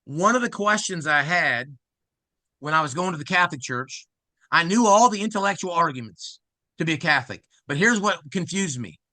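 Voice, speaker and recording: A middle-aged man from Ohio, excitedly telling his conversion story as an interview guest and acting out the quoted speech of others. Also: fairly high pitch, no echo. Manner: excited, acts out quoted speech, fast asides.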